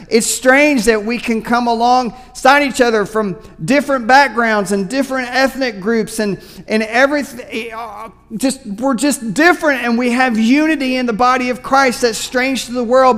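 Guy pastor preaching, kinda high voice, chatty, trips over words a lot, long echo from the church hall. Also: moderate pace, few pauses, a bit bright, soft background music. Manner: conversational preaching, often repeats words. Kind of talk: sermon. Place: church sanctuary.

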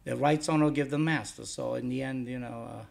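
A man's voice: medium pitch, steady tone, fairly quick, gravelly, darkish tone. A man being interviewed about running his DVD label, talking bluntly and rambling, swearing freely. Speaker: guest, DVD label owner. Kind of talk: casual interview chat.

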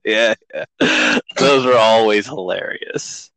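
A man's voice: lowish voice, slow pace, vocal fry, a bit bright, dry recording, low-quality recording. A man co-hosting a casual podcast chat, talking bluntly and opinionated, swearing when worked up. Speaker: podcast co-host.

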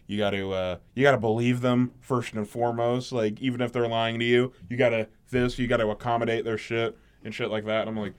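A man's voice: medium pitch, fairly quick, few pauses, clear, resonant tone. A man co-hosting a casual podcast, ranting with lots of swearing as he retells stories about customers. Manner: profane, ranting, animated retelling with mimicked customers. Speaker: podcast co-host. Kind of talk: casual chat.

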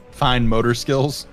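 A man at a tabletop game asks plain questions and slips in dry jokes. His voice sits in an ordinary middle register. Faint music plays underneath. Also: medium pitch. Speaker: player.

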